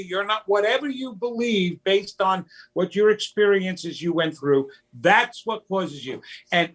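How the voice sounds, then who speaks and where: A man talking as a guest in an interview, slow and emphatic, sometimes acting out childish voices. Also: high-pitched, fairly bright tone. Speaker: psychic medium guest. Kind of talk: conversational interview.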